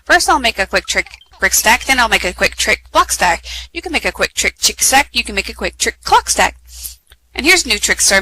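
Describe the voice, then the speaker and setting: A woman's voice: mid-range voice, pushed and bright, low-quality recording. A woman doing a showy fox rattling tongue twisters. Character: boastful trickster fox in socks.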